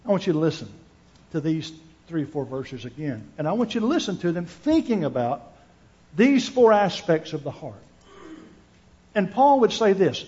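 High-voiced earnest male preacher. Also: sing-song, moderate pace, pauses often, warm tone. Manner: earnest, repeats words while thinking, asks the listeners questions. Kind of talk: sermon with scripture reading. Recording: dull lo-fi recording.

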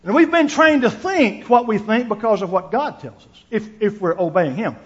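With a high, animated voice at a moderate pace, a man delivers a sermon with scripture reading to his congregation. He's earnest, restarts and repeats words as he thinks, and poses questions to the listeners, captured on a dull lo-fi recording.

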